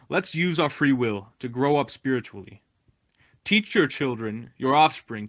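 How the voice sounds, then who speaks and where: Male voice, mid pitch, for a devotional talk; sincere, moralizing delivery. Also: fairly bright tone. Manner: earnest, exhorting, moralizing. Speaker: volunteer translator and narrator of a spiritual message. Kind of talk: devotional talk, read translation.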